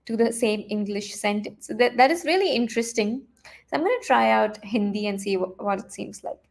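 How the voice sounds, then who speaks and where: A woman teaching a live online coding lesson, talking her students through the screen with lots of fillers, restarts and thinking out loud. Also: medium pitch, fairly quick, vocal fry. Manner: chatty, thinks aloud with many fillers and restarts.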